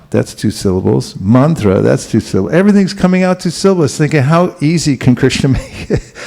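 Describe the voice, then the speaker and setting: A man giving a relaxed, conversational spiritual talk, asking the audience questions and chuckling now and then. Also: mid-range voice, creaky. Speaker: spiritual teacher giving a class. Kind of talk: conversational sermon.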